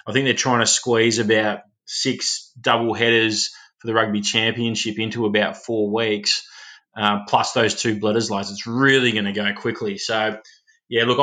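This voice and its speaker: A man's voice: lowish voice, sharp tone. An Australian man co-hosting a rugby podcast, chatting casually with laid-back, sarcastic banter. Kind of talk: casual chat.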